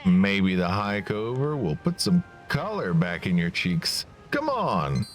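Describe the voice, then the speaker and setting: A man voicing a blunt young male companion in a game, low and earnest. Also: sing-song, slow pace, faint music behind. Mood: friendly.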